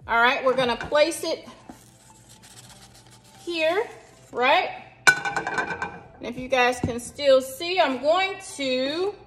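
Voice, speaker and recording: Slow-talking woman hosting a home cooking vlog. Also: high-pitched, a bit bright. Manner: chatty, addresses viewers directly. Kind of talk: casual cooking demo talk. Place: home kitchen.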